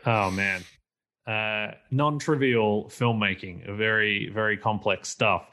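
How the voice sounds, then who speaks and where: Male podcast host, bright-voiced, low-pitched, chatty and enthusiastic. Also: slight background noise. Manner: enthusiastic, quick reactions and jokes. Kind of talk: casual interview chat.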